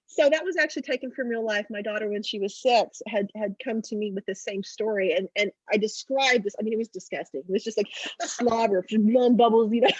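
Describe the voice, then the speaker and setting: Chatty middle-aged woman author on a video call, kinda high voice, dry sound. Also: brisk, husky, no room sound, lo-fi sound. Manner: chatty, animated storytelling. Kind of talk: casual interview over video call.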